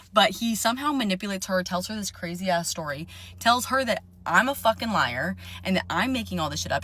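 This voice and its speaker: A young woman telling a dating story in a casual, animated rant, swearing often and sounding indignant. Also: fairly low pitch, slight background noise.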